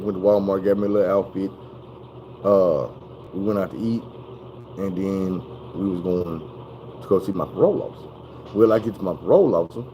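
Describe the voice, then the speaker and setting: A young man telling a story in a casual, animated, profane way. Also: lowish voice, a little hiss or hum, poor audio. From Arkansas.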